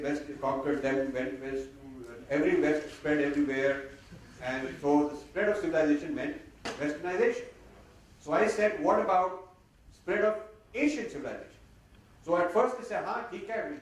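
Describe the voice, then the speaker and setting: A man giving an animated public talk, mixing in Hindi phrases, recorded from a distance in a lecture hall. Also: on the high side. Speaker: speaker. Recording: distant mic, very echoey hall, faint noise.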